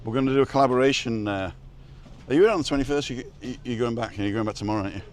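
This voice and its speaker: A man's voice: mid-range voice, racing, slight background noise. A middle-aged English man chatting and joking while filming a walk by the sea. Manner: jokey, chatty, teasing. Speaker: vlogger filming a walkabout. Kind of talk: casual chat. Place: outdoors by a seaside street.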